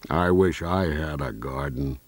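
A man voicing a fretful, impatient male toad who talks in a slow, earnest, worried way. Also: extremely low pitch, no echo, pitched below the performer's own voice.

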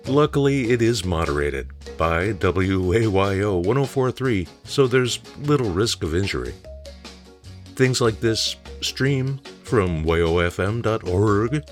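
A man's voice: on the low side, animated, measured pace, soft background music. A man hosting a radio show, teasing and hurrying his listeners along. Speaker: radio host. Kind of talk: bantering radio introduction.

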